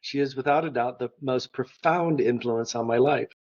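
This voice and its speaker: A man's voice: medium pitch, moderate pace, a little mellow. An older man, a guest art historian, telling enthusiastic stories in an interview and acting out the dialogue in them. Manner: enthusiastic anecdotes, acts out dialogue. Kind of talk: storytelling interview. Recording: slightly dull lo-fi sound.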